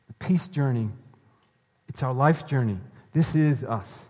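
A man's voice: mid-range voice, measured pace, warm tone. Earnest male preacher in a hall. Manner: earnest, repeats key phrases for emphasis. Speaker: pastor. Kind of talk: sermon. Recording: reverberant hall.

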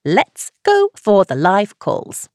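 A woman's voice: mid-range voice, wildly swooping pitch, takes it slowly, a little mellow, dry recording, clean studio sound, pitched above the performer's own voice. A woman narrator voicing a weary, blunt female radio producer who gives orders in a bossy way. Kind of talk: audiobook character reading.

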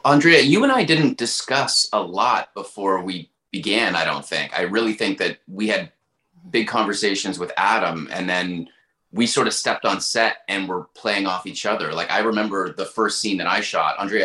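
A man's voice: deep voice, moderate pace, roomy sound, rough recording. A man, an actor, chatting in an interview and looking back on working on set. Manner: relaxed, reflective storytelling. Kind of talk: casual interview talk.

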